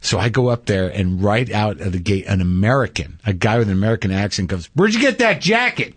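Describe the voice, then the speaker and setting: A man hosting a talk podcast, telling a long story in a casual, animated way and acting out the people in it. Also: lowish voice, quick pace, breathy edge, no echo, studio quality. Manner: animated storyteller, acts out quoted voices. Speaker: podcast host.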